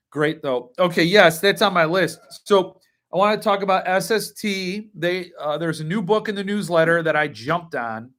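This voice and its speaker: A man's voice: a little high, fairly bright tone. A man hosting a casual livestream, rambling as he reads and answers chat comments. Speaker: host.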